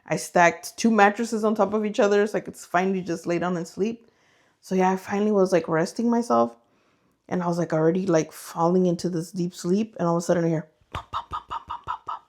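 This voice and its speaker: A woman's voice: on the low side, a little fast. A woman co-hosting a podcast, telling ghost stories casually and acting out the voices and noises in them. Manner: animated, acts out voices and sounds in her stories. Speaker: podcast co-host. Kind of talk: casual storytelling chat.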